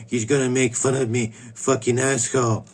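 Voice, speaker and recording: A man's voice: medium pitch, little pitch movement, moderate pace, lightly acted. A man putting on a childish, cartoonish impression of a woman, whiny and profane. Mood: mocking whine.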